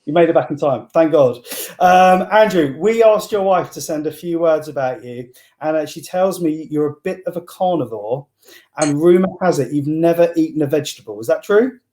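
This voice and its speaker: A man's voice: a little high, normal speed, warm tone. A man compering a live online event, speaking in a polite, upbeat, welcoming way. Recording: echoey room sound.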